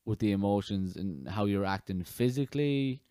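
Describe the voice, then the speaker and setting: A man with a lowish voice hosting a relaxed interview chat. He rambles and restarts his sentences often. The sound is dry and close. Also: moderate pace, clean tone, dry recording. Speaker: podcast host, interviewer.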